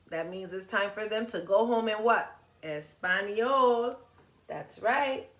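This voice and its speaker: A woman reads a picture book aloud to young children, taking her time over each word and showing hand signs. Her pace is unhurried and gentle. The room around her sounds echoey. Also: medium pitch, animated. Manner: slow, patient, teaching words and signs. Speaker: children's story reader and teacher.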